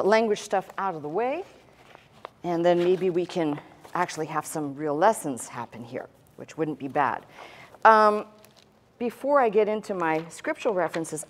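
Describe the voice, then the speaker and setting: A woman pastor teaching a sermon in a conversational way, with asides and dry humor, demonstrating points with a pen on a tablet. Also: fairly low pitch.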